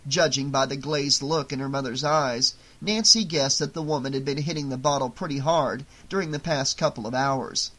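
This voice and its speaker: Audiobook narrator, steady even telling, middle-pitched voice. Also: moderate pace, hardly any pauses.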